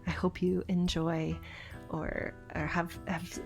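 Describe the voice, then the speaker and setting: A woman hosting a podcast and talking in a casual voice-memo chat. She rambles with many fillers and restarts, and her voice is soft and sing-songy. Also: on the low side, flat delivery, takes it slowly, vocal fry, faint music behind. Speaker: podcast host.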